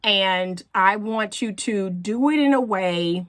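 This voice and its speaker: A woman's voice: medium pitch, slow, fairly bright tone. A middle-aged woman relationship coach giving earnest, emphatic advice to women, repeating her key phrases for emphasis. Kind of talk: direct-to-camera advice talk.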